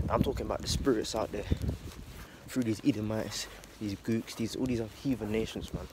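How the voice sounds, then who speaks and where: A man's voice: fairly low pitch, steady tone, moderate pace. Slangy man preaching outdoors, noisy. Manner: loose slangy talk, swears, tags "man" constantly. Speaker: religious vlogger. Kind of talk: casual preaching monologue.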